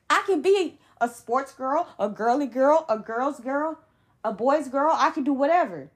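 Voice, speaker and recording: A woman's voice: high voice, lively intonation, a little slow. A young adult woman hosting a solo sports podcast, ranting in a heated, emphatic way with blunt slang. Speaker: podcast host.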